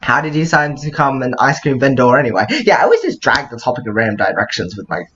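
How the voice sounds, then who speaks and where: A young man hosting a visual novel playthrough with a friend, jokey and quick to laugh with rambling asides. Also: mid-range voice, sing-song, fairly bright tone, muffled recording, slight background noise. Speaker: let's play host. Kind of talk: casual game commentary with a friend.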